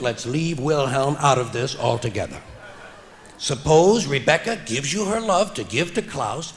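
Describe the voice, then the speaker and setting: Wry stand-up comic in an echoing hall. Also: male voice, a little high, slight background noise. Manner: wry, deadpan delivery building to loud punchlines. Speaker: stand-up comedian. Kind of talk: stand-up comedy routine. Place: theater stage before an audience. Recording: live vinyl recording with long hall reverb and audible audience.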